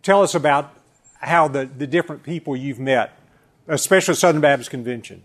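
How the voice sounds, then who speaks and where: A man leading a church panel in a slightly higher voice. He speaks in a measured way and slows down to stress key points. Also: fairly bright tone.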